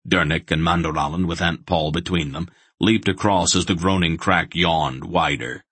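Deep husky male audiobook narrator. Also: fairly even intonation, normal speed, fairly bright tone, dry recording. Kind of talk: scripted fantasy narration.

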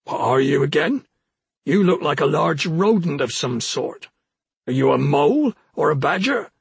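A man reading an audiobook, voicing a brutal, sneering young man in a husky voice with blunt threats. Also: on the high side, lively intonation, moderate pace, no room sound, exaggerated voice.

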